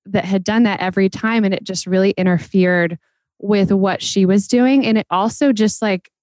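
A woman's voice: medium pitch, normal speed, a little mellow, no room sound. Woman host musing, close and dry. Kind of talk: casual podcast chat.

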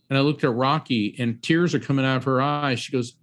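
A man's voice: quick pace, few pauses. A middle-aged man from Central Florida, a psychic medium and author, telling a vivid story as an interview guest and acting out the voices of the people in it. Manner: animated storyteller, acts out voices and raises his pitch sharply.

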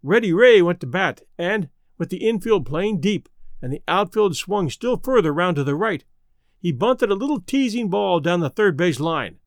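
Male narrator, high and animated, dry close sound, expressive storybook reading. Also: moderate pace, dry recording. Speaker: audiobook narrator.

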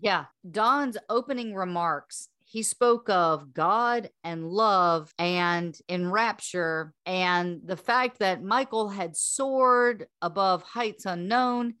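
A woman's voice: mid-range voice, slow pace, few pauses, bright, forceful tone, clean tone, dry recording, clean studio sound. A woman hosting a podcast, telling a story in a casual, chatty way with frequent laughs and repeated words. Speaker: podcast host.

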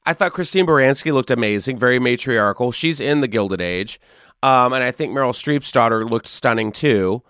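A man's voice: medium pitch, moderate pace, a bit bright, smooth, no room sound, clean studio sound. A man hosting a podcast, ranting in a sarcastic, catty way about celebrity fashion, with some swearing. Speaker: podcast host. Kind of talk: casual chat.

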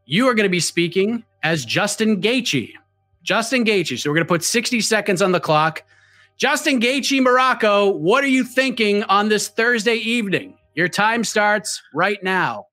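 An energetic male host runs a game-show podcast segment with announcer-like flair. His voice is high and bright. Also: unhurried, soft background music.

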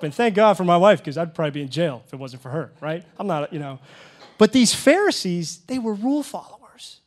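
A man's voice: high voice, fast. A man in his thirties preaching a sermon, telling funny personal stories and talking straight to his congregation. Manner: lively storytelling with humor and asides to the congregation. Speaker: pastor.

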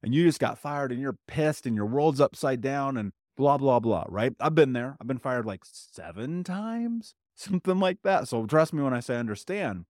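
A man talking straight to his listeners as a healing coach, at a middling pitch, plain-spoken and conversational. The sound is close and dry, with no room around it. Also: expressive, normal speed, few pauses, a little mellow, no room sound. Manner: direct, conversational, often asks "right?"; plain-spoken, with casual swearing. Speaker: trauma healing coach and podcast host. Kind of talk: motivational solo podcast talk.

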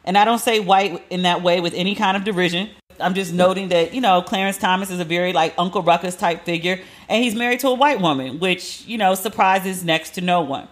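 A woman's voice: on the low side, a little fast. A woman in her forties hosting a casual solo podcast, talking animatedly and acting out what people said in different voices. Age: 40s. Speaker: podcast host.

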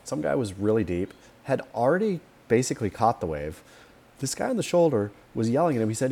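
A man co-hosting a podcast in casual chat, opinionated and animated, acting out quotes as he tells stories. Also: medium pitch, fairly quick, creaky, slightly rough. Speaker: podcast co-host.

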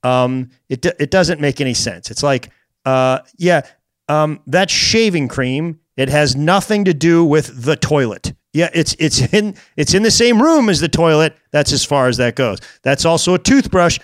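A man's voice: on the high side, expressive, moderate pace, no room sound, clean studio sound. A man co-hosting a podcast, chatting casually and wryly about crossword clues and word pet peeves. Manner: wry, opinionated, laughs while talking. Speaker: podcast co-host.

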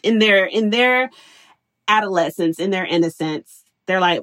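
This is a woman in her thirties telling candid stories about working from home with her kids. She is animated and laughs often, and she acts out what she said back then. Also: mid-range voice, measured pace. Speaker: interview guest, working mother. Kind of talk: candid storytelling.

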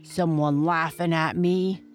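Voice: medium pitch, fairly even intonation, slow, soft background music, close to an everyday voice. A storyteller voicing an angry, bullying big boy hippo who growls his threats. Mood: growling. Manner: growling, grunting.

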